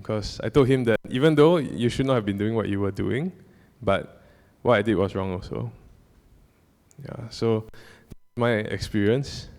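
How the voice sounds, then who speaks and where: His voice low-leaning, creaky, and a little mellow, a young man tells a personal story as an informal church talk. The long reverb of the church hall surrounds his rambling, filler-heavy delivery with its many restarts.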